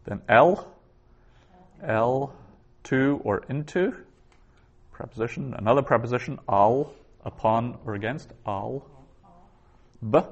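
A man teaching a Hebrew class, saying each vocabulary word twice and explaining it in a slow, deliberate lecture. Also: mid-range voice, dull audio.

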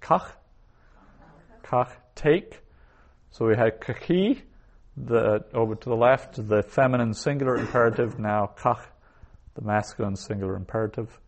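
A man teaching a recorded language lesson, saying each word twice and then explaining it. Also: mid-range voice. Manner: slow, repeats each word twice before glossing it. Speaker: Hebrew teacher.

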